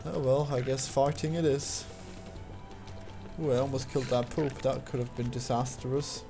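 A man's voice: mid-range voice, flat delivery, moderate pace, gravelly, dark tone. A man hosting a casual gaming chat while playing, dry and understated. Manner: dry, understated, short replies. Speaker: game developer and host. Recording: game music behind.

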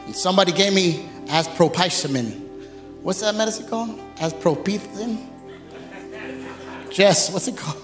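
A man preaching as pastor, in a lively, conversational sermon full of humor, while recovering from bronchitis. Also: high voice, moderate pace, music in the background. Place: church sanctuary. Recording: echoey church hall.

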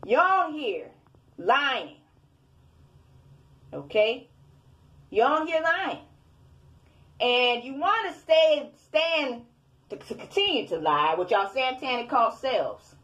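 A self-styled preacher with a high, fairly bright voice launches into a fiery, scolding rant aimed at her online commenters. She keeps repeating her points.

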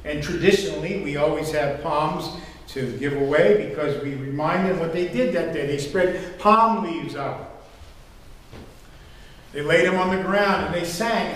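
A man's voice: a little high, moderate pace, a bit bright. An older man preaching a sermon as pastor, telling stories in a rambling, conversational way with fillers. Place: church sanctuary. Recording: echoey hall from far off, faint ambience.

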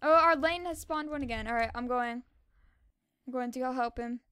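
A young woman giving casual, excitable commentary on her own gameplay and repeating words fast when tense. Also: high-pitched, smooth, no echo. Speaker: gaming channel host.

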